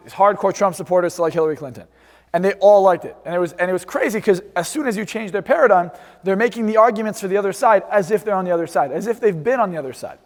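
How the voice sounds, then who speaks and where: A young man with a high, light voice speaks on stage to a live audience. His delivery is energetic and boastful, and it carries the long reverb of a large hall. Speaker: hypnosis seminar speaker. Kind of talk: live seminar talk to an audience.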